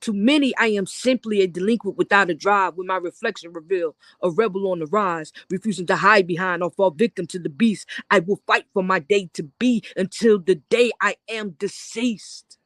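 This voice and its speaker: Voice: moderate pace, hardly any pauses, a bit bright, no room sound. Intense spoken-word poet, dry close mic. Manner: rhythmic, intense delivery that swings into a high, stretched-out sung chorus. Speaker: poet guest. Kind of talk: spoken-word poetry with a sung hook.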